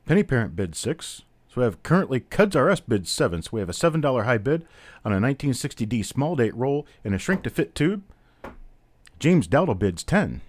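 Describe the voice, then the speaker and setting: A man's voice: medium pitch, very animated, a little fast, darkish tone. A man hosting a live-stream coin auction, chatty, calling out bidders and prices one after another. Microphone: webcam on a stand.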